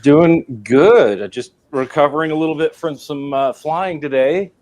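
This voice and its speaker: A man appearing as a guest on a live podcast, telling things in an easygoing, quick way. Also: on the high side, darkish tone. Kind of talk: casual live-stream chat.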